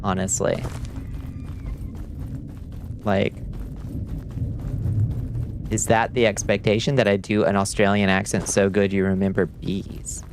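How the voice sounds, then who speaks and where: A man hosting a livestream, giving excitable, casual gameplay commentary, chatting with viewers and swearing and yelling when frustrated. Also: fairly low pitch, takes it slowly, pauses often, slight background noise. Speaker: livestream host.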